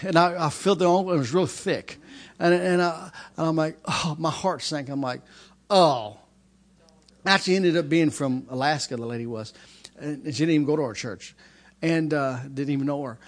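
Preacher, male, high voice, animated storytelling with loud outbursts. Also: fairly quick. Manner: animated, with shouted outbursts and laughter. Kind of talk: sermon storytelling.

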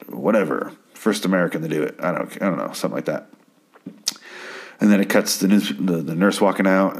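Deep-voiced man recapping a show, loose and profane, does the characters' lines in passing. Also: gravelly. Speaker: TV episode recap host. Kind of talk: casual rambling recap.

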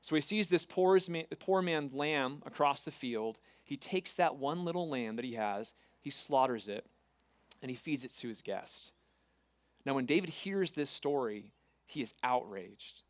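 A man preaching a sermon, retelling a scripture story with earnest, dramatic pauses and reading scripture aloud. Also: mid-range voice, expressive, no echo.

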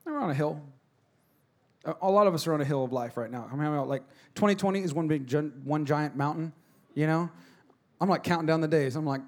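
A pastor in his thirties gives a sermon in a noticeably high voice. He tells stories in a quiet, hushed tone and then rises into loud, exhorting calls to the congregation. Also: a little fast. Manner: storytelling, swings from soft and hushed to loud and exhorting.

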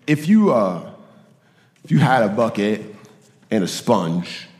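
Animated preacher man in an echoey hall. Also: fairly low pitch, takes it slowly. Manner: animated, acts out quoted voices, repeats phrases. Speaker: pastor. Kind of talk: sermon.

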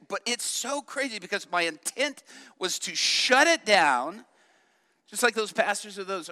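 A man preaching and telling a lively story from the pulpit, acting out the voices of the people in it and laughing along. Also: a little high, long reverb tail. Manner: animated, laughing, acts out voices in his stories. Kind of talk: sermon storytelling.

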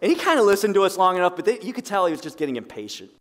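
Middle-aged pastor guy preaching, pretty high voice, booming one sec and quiet the next, big echoey church hall. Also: very fast. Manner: animated preaching, swinging from loud emphasis to hushed asides. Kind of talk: sermon. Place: church sanctuary. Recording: long reverb of a church hall.

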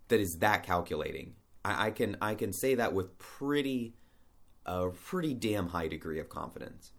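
Man, lowish voice, casual solo monologue, rambling, restarts sentences, rhetorical questions.

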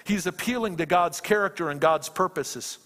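A man's voice: moderate pace, a bit bright. A man preaching a sermon with passion, his voice climbing as he voices fervent prayers and often repeating his words. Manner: impassioned, rises in pitch when quoting prayers, repeats words. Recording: long reverb of a large hall.

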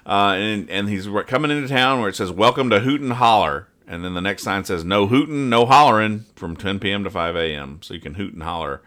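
A man's voice: lowish voice, fairly quick, few pauses, a bit bright. A man hosting a comedy podcast, reading comic strips aloud and joking, trailing off and putting on silly voices. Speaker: podcast host.

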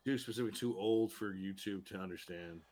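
A man co-hosting a casual podcast chat, animated and laughing as he retells scenes. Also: lowish voice, fairly quick. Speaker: podcast co-host.

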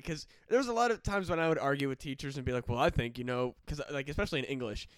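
A man's voice: medium pitch, rapid-fire, smooth, dry recording, clean studio sound. A young man, a guest on a podcast, telling personal stories in casual, profane chat. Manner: profane, storytelling with laughs and fillers. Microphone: studio mic.

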